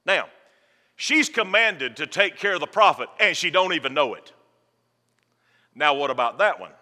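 A man preaching in a church, fervent and folksy, cracking jokes with his congregation. His voice sits a little high and rings sharp and forceful. A long reverb trails off the sanctuary walls. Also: expressive, moderate pace. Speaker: pastor. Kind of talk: sermon.

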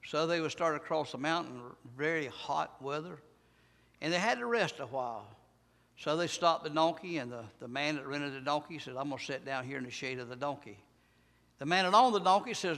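A man's voice: fairly high pitch, lively intonation, fairly quick, vocal fry, bright, forceful tone. Emphatic preacher man in a reverberant church. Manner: emphatic, repetitive preaching with rising and falling intensity. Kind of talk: sermon.

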